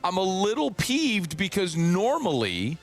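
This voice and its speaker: A man's voice: sits high, huge pitch swings, measured pace, soft background music. A man hosting a sports radio show, teasing and quizzing his mother in casual chat, with dry humor.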